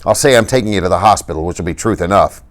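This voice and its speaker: A man's voice: low voice, racing, lightly acted. A man voicing a reckless, tough teenage greaser boy who talks in urgent, commanding street slang.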